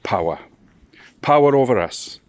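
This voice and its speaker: A man's voice: mid-range voice, animated, unhurried. A man speaking to camera, making an indignant, impassioned political appeal. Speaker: political campaigner.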